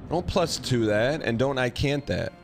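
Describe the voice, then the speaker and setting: A man live-streaming a video game, chatting casually and teasing his chat with quick comebacks. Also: medium pitch, lively intonation. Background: game music.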